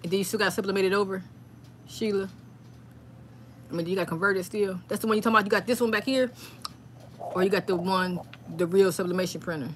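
Woman rambling on a live stream, reads out viewer comments, gets all excited, faint hiss in the background. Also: medium pitch, fairly quick, pauses often. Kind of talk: casual live stream chat.

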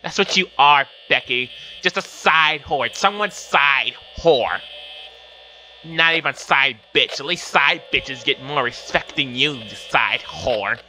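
A man's voice: medium pitch, expressive, takes it slowly, sharp tone, slight background noise, heavily acted. A man putting on a bratty, catty young woman. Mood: scornful. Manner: taunting, catty and profane.

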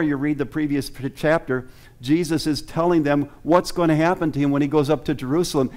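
A man's voice: a little high, a little mellow. Earnest male pastor preaching a sermon. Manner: earnest, asks the congregation rhetorical questions. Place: church sanctuary.

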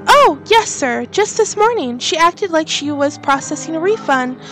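A woman's voice: high-pitched, expressive, moderate pace, faint music behind. A woman voicing a sly, fawning young female coworker in a horror game, speaking in a sugary tone.

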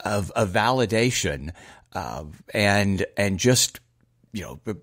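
Male host, lowish voice, halting and word-searching questions. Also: lively intonation, fairly bright tone. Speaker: podcast host. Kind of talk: interview questions.

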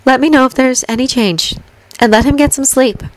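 A woman voicing a brisk, bossy older healer. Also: sits high, no room sound, voice pushed up, close to an everyday voice, rough recording. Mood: stern. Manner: firm and scolding.

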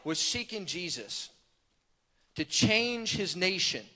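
Fervent high-voiced male preacher in a hall. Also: big pitch swings, slow pace. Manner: builds from quiet telling to fervent shouting. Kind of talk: sermon storytelling. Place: large church hall. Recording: long church hall reverb.

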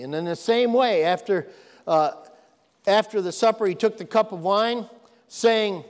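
A man's voice: high voice, moderate pace, big-room sound. A man preaching a sermon to his congregation, emphatic, repeating phrases and asking if they are listening. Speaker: pastor. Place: church sanctuary.

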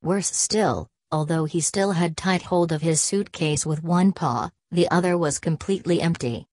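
A woman reading a children's story aloud in a measured, expressive way. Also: on the low side, no echo. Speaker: audiobook reader. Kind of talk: storybook narration.

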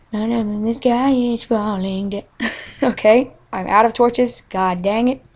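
A woman's voice: a little high, slow, pauses often. A woman hosting a game let's play, chatting casually to herself in a goofy, playful way with frequent giggles. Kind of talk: casual gameplay commentary.

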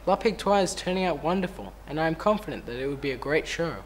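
A self-important theatre director, played by a man talks about himself with pompous pride. His voice sits high for a man. It comes from a mockumentary comedy. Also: lively intonation, fast talker, a little hiss or hum, close to an everyday voice, low-quality recording. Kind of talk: mockumentary interview.

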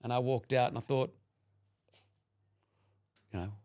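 In a measured, mid-range voice, a middle-aged Australian man who works in radio chats casually as a podcast guest. He spins lively anecdotes and acts out what others said.

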